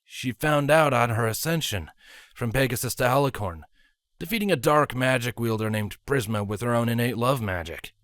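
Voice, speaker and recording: A man's voice: medium pitch, fairly bright tone, no room sound, clean studio sound, lightly acted. Man doing a weary earnest prince. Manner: measured, sighing explanations. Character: earnest young male prince, weary and serious.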